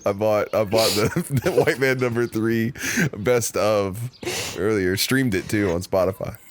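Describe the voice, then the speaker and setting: Deep-voiced laid-back male co-host. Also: measured pace, noisy background. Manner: laid-back, teasing banter. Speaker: podcast co-host. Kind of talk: casual chat.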